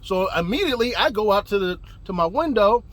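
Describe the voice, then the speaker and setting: Brief: young male storyteller, high voice, lively and profane, casual delivery. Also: a little fast. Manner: animated, swearing, rising to shouts.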